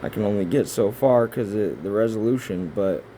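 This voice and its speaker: A man rambling through pictures in casual commentary, swearing often and breaking into excitable outbursts between rambling asides. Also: lowish voice, normal speed, slight background noise. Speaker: video creator. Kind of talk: casual conspiracy commentary over images.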